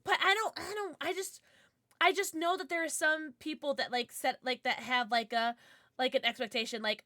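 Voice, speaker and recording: A woman's voice: high voice, brisk, pushed and bright, no echo, studio quality. A young adult woman streaming live and chatting with her viewers, bubbly and giggly, with lots of "like". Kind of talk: casual livestream chat, reading chat.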